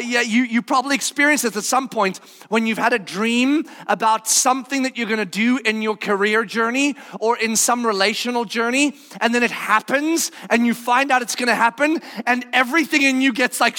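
A man's voice: very high-pitched, pushed and bright. A male preacher telling a story animatedly in a sermon, acting out the voices. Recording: long hall reverb.

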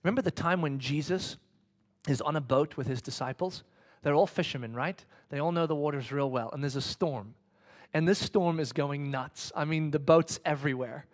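Animated preacher, loud then whispered. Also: male voice, fairly high pitch, moderate pace. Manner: animated storytelling, swinging from loud excitement to hushed whispers; casual, chatty phrasing. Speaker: pastor. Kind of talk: sermon.

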